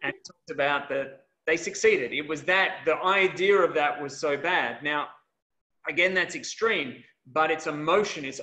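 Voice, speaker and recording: A man's voice: fairly high pitch, moderate pace, pushed and bright, reverberant. A man, a health and wellness coach, giving an earnest, conversational coaching talk over a video call.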